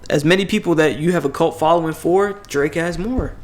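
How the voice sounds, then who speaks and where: A man's voice: a little high, fairly quick. A man co-hosting a casual podcast, giving blunt, rambling opinions with lots of swearing. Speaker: podcast co-host.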